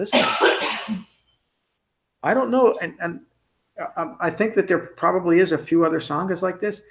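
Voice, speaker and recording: Gravelly and a little high, a man's voice carries a conversational dharma talk to a meditation retreat group. He often wraps points with tag questions and restarts or corrects himself mid-sentence.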